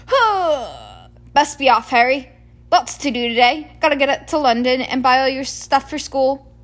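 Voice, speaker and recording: A woman voicing a huge, gruff, friendly male giant in a read-aloud storybook, talking loudly and heartily in rustic speech. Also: high voice, sing-song, unhurried. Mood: hearty.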